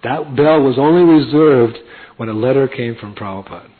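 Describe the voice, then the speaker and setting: A man's voice: mid-range voice, normal speed, slightly rough. A man telling a heartfelt personal story in a sermon, earnest and sometimes dropping to a near whisper. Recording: tinny phone-like audio.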